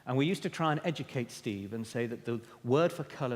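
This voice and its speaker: A man's voice: mid-range voice, animated, a little fast, hardly any pauses. A man giving a motivational keynote on stage, emphatic and theatrical, speaking straight to his audience. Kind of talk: keynote talk. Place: stage in a conference hall. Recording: echoey hall.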